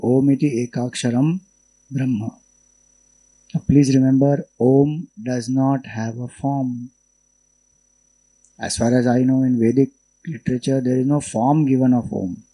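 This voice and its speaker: Mellow-voiced Indian man teaching scripture. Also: medium pitch, fairly even intonation, rough recording. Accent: Indian English. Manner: unhurried explanatory teaching, slow drawn-out chanting. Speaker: spiritual teacher. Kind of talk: scriptural lecture with Vedic chanting.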